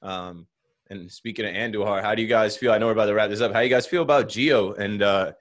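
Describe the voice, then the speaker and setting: Animated man in casual sports chat. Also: lowish voice, fast.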